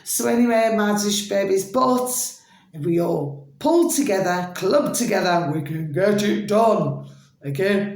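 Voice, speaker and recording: A woman, her voice going hoarse, rambling affectionately through an evening vlog. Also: mid-range voice, measured pace, darkish tone. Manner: rambling and affectionate, calls listeners babies, keeps asking "do you see what I mean". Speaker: spiritual vlogger. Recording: echoey room.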